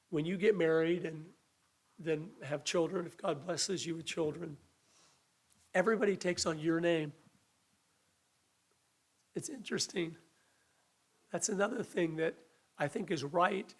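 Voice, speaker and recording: A man's voice: on the high side, slightly rough. A man preaching a sermon in an earnest, conversational way, his voice a little weak. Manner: earnest, conversational preaching with restarts and acted quotes.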